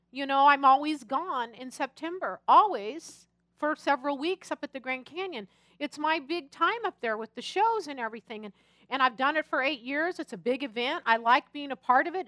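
A woman pastor preaching a sermon, telling personal stories in an animated, chatty and humorous way. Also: sits high, no room sound, studio quality.

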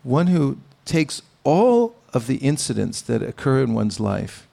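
Gravelly-voiced man giving a measured sermon. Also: medium pitch, big pitch swings. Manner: measured, pausing, with gentle humor. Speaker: spiritual teacher. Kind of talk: sermon with anecdotes.

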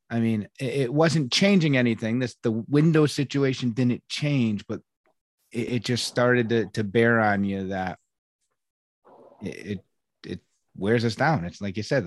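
A man with a fairly low voice hosts a relaxed podcast chat, recorded close and dry with no room sound. He rambles in a friendly, loose way, restarting sentences and leaning on "I mean" as he works toward his point. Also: dry recording. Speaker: podcast host and coach. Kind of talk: casual conversation.

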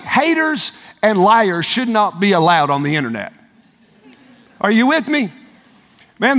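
High-voiced, impassioned male preacher. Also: big-room sound. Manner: impassioned, often shouting, asides to the crowd. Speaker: pastor. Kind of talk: sermon.

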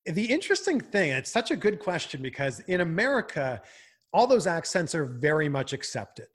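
Male host from Canada, chatty and animated, fairly high voice, very lively pitch. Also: normal speed, breathy edge. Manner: animated, laughs often, chatty with many fillers. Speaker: broadcaster and host. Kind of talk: casual podcast chat.

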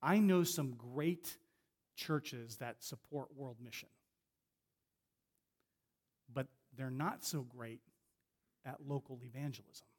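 A middle-aged man preaching as a guest speaker in a conversational way, often restarting phrases and slowing down to stress a point. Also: mid-range voice. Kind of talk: sermon.

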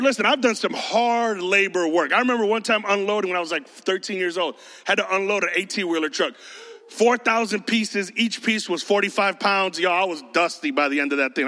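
Animated preacher man, bright voice in a hall. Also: sits high. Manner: animated, acts out quoted voices, addresses the congregation as y'all. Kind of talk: sermon. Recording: reverberant hall.

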